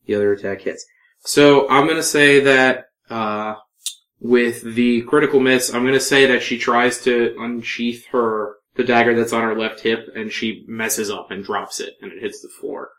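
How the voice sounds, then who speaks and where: A man narrating as game master, calmly explaining rolls and describing the action. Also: mid-range voice, normal speed, poor audio. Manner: relaxed, explaining rules and describing scenes.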